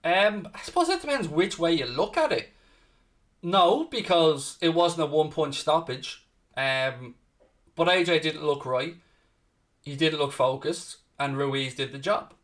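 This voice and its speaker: Here the Irish watchalong host sounds a little high and a bit bright, with lively intonation and an unhurried pace. It's casual live-stream chat over football, with viewer questions answered and plenty of "mate" thrown around.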